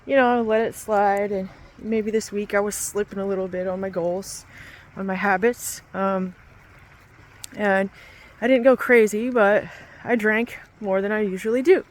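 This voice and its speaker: Earnest woman rambling slowly into her phone. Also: mid-range voice, steady tone. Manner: rambling, earnest, many fillers and restarts. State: shivering in the cold. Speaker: fitness instructor and aerialist. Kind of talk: casual testimonial vlog. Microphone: handheld phone.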